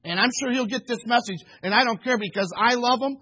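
A man's voice: very high voice, brisk, pushed and bright, breathy edge, low-quality recording. A male pastor preaching a sermon, telling a story with emphasis and acting out the conversations in it.

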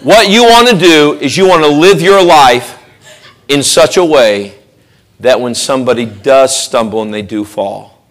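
A man preaching a sermon in church, animated, acting out quoted voices and joking with the congregation. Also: mid-range voice, a little slow, some chatter behind. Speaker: pastor. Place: church sanctuary.

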